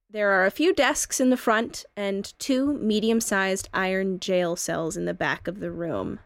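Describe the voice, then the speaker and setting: A woman narrating as game master of a tabletop game, halting with fillers. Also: medium pitch, dry recording.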